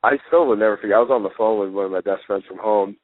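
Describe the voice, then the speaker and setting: A young adult man guests on a wrestling talk show, chatting casually and rambling with lots of fillers, growing excited as he retells stories in an interview-style conversation. His voice is lowish and racing, with no echo, over a tinny phone line.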